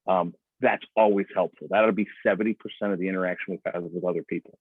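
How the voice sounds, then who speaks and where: A man coaches on a video call in a loose, chatty way, slipping into little voices for the quotes he gives. His voice sits fairly low. It comes through a tinny, phone-like line with no room sound. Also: steady tone, fast, hardly any pauses, slightly rough, dry recording. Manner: conversational, acts out quoted speech in other voices. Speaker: sales trainer.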